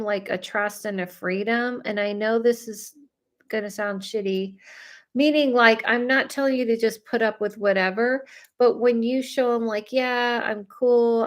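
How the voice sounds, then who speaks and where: A woman, chatting through a live psychic reading with lots of fillers, speaking straight to the people she reads for. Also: a little high. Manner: chatty, many fillers, talks straight to viewers. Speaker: psychic medium. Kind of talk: live reading, casual chat.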